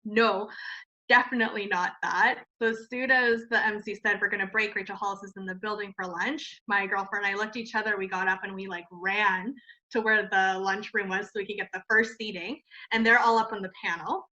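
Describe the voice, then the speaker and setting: A woman who founded a cosmetics company tells a story in an interview, animated, laughing often and filling her talk with "like". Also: mid-range voice, a little fast. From Canada. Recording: muffled lo-fi sound.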